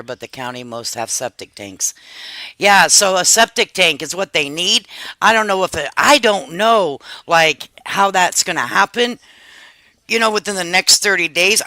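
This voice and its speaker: A woman's voice: mid-range voice, bright, forceful tone, no echo. A middle-aged woman hosting a live stream, delivering an angry, profane commentary rant. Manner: furious, profane, emphatic.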